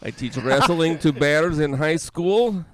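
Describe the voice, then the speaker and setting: A male comedian voicing a gruff Russian army colonel with a put-on Russian accent, boasting deadpan in broken English. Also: a little high, slow, a crowd in the background, rough recording. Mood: deadpan boastful.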